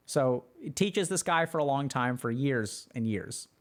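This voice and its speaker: A man's voice: medium pitch, animated, a little slow. A man on a livestream, answering chat questions in a loose, chatty way full of fillers. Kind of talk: casual livestream talk.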